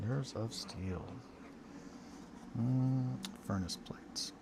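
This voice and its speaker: A man's voice: medium pitch, drawn-out words, gravelly, background noise. Rambling, chatty streamer guy. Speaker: hobby streamer. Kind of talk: casual stream chat.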